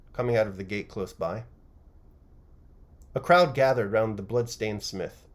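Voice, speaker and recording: A man narrating a classic novel chapter by chapter as an audiobook reader, with an expressive, varied reading. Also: lowish voice, a little slow, long pauses.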